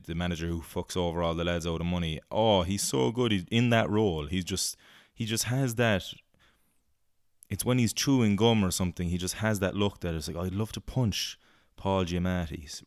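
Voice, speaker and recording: Irish man, low and smooth, loose chatty film reviewer, close dry mic. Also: dry recording. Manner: rambling and chatty, with many fillers and casual swearing. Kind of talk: casual solo review chat.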